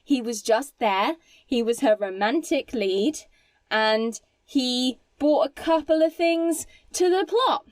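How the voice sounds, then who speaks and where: A woman's voice: sits high, animated, slow pace, dry recording. A woman on a casual film podcast who retells scenes with enthusiasm, quoting the characters' lines. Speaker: podcast co-host.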